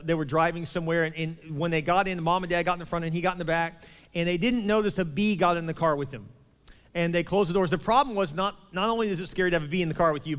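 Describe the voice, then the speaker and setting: A man pastor preaching a sermon, emphatic, swinging between loud and hushed passages. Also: high-pitched, in a large hall.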